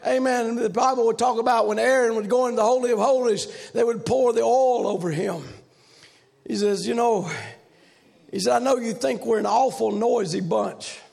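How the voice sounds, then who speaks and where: Preaching at a revival, this man has a strikingly high, deeply gravelly voice at a normal speed. He launches into loud, shouted stretches carried by a pounding preaching rhythm.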